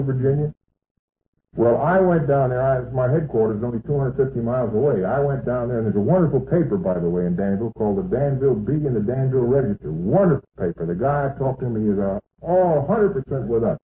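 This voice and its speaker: A man's voice: medium pitch, quick pace, a little hiss or hum. A man giving an emphatic, boastful rally speech to an audience in a meeting hall. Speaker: political speaker. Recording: tinny, echoey archival hall recording.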